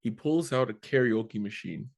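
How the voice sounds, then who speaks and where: A man from Canada, a comedian guest in an interview, telling a story with animated energy and acting out the voices of the people in it. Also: fairly low pitch, moderate pace, vocal fry. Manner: animated, acts out quoted voices, swears casually.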